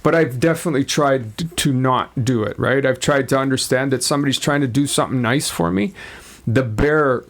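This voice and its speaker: Gravelly middle-aged man, teasing banter. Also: medium pitch, fairly quick. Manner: teasing, dry banter with restarts. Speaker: podcast co-host, father. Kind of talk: casual family chat.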